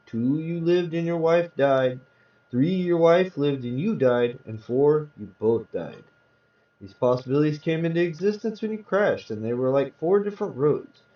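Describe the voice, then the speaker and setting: A man's voice: fairly high pitch, close to an everyday voice. A man reading aloud, voicing a small hospital lab technician who explains things patiently. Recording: roomy, distant, dull sound.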